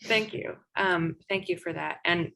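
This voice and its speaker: A woman's voice: on the low side, unhurried, creaky, sharp tone, a little hiss or hum, low-quality recording. A woman moderating an online debate, chatty and playful while reading out audience questions.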